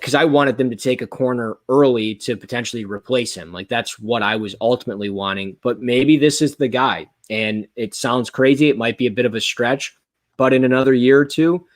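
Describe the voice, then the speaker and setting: A man hosting a sports podcast, talking in a rambling, excitable way with many restarts. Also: mid-range voice, brisk, no echo, studio quality. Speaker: podcast host. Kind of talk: casual sports chat.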